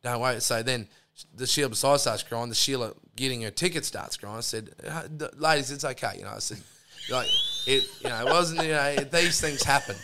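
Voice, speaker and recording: A man's voice: medium pitch, brisk, sharp tone, a little hiss or hum. A middle-aged Australian man, a podcast guest, telling rambling stories in a casual chat and swearing freely, with lots of restarts and asides. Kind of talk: casual storytelling yarn.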